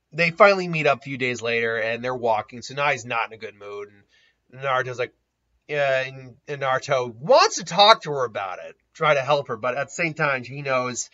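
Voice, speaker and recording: A man's voice: mid-range voice, animated, a little fast, bright, forceful tone. A man casually retelling a story, rambling, laughing often and restarting his sentences. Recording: dull lo-fi recording.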